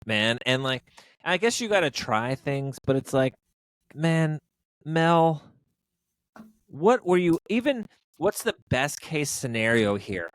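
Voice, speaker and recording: A man's voice: mid-range voice, lively intonation, slow pace, fairly bright tone, clear, resonant tone, no room sound. A man co-hosting a podcast, chatting casually about movies in a rambling, jokey way with lots of fillers. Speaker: podcast co-host. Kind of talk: casual movie review chat.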